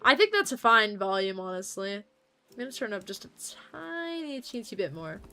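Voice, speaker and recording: Bright, expressive and forceful, this streamer's voice sits on the high side and moves at normal speed, with soft music behind her. She's livestreaming a game and chatting playfully with viewers, rambling between topics.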